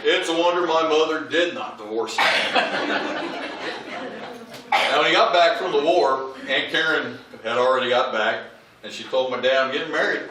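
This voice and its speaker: A man's voice: fairly high pitch, moderate pace, very echoey, recorded from a distance, background noise. A man giving a humorous eulogy, telling family anecdotes and acting out the voices of the people in them. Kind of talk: storytelling eulogy at a memorial. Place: large memorial hall with audience. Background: audience laughter.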